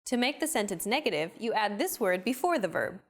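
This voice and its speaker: A woman narrating a scripted language lesson in a clear, upbeat, explaining manner. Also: mid-range voice, sing-song, brisk.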